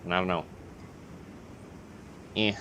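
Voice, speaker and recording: Young male YouTuber, lower register, meandering and hesitant delivery, faint background hiss. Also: fairly even intonation, slow pace, pushed and bright. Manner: rambling, hesitant, many fillers and self-corrections. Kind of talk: casual rambling vlog monologue.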